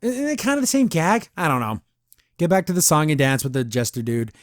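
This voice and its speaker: A man's voice: fairly high pitch, very animated, fairly quick, no room sound, clean studio sound. A man hosting a podcast, casually reviewing an episode, rambling and laughing often. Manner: chatty, rambling, laughs often, says "I don't know" a lot. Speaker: podcast host.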